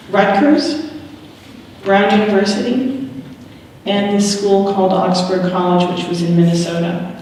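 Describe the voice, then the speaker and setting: A woman's voice: on the low side, darkish tone, a little hiss or hum. A middle-aged woman telling her family's story frankly and with frequent laughter, speaking to an audience. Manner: frank, laughs often, acts out quoted voices. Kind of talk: candid storytelling talk. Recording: echoey hall from far off.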